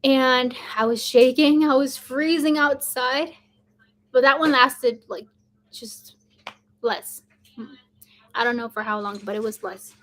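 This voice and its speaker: Young woman vlogger, high-pitched, chatty with lots of fillers. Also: slow, long pauses, a bit bright. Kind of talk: casual storytelling to camera.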